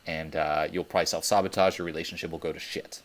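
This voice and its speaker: A man's voice: deep voice, level tone, fast. A young man coaching on a teleconference, talking bluntly with plenty of swearing and emphatic repetition. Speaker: dating coach.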